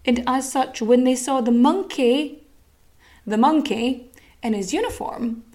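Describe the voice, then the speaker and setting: A woman's voice: high voice, darkish tone. Chatty, swearing woman podcast host. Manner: chatty, swears, quick asides and jokes. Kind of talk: casual history storytelling.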